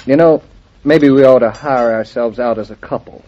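A man's voice: mid-range voice, normal speed, close to an everyday voice. Man playing a teasing young husband, wry, joking, vintage radio drama, muffled old recording.

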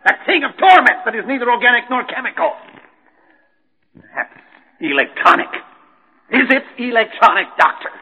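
A man's voice: extremely high pitch, big pitch swings, moderate pace, long pauses, bright, forceful tone, slight background noise, exaggerated voice. An actor playing a desperate, unhinged male chemist in a vintage radio drama, ranting and quoting scripture with stammers. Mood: ranting, despairing. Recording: tinny band-limited old recording, echoey.

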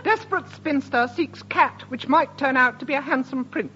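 A man voicing a desperate lonely spinster woman in a high falsetto, in radio sketch comedy. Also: moderate pace, pushed and bright. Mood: pleading. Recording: dull hissy old radio recording.

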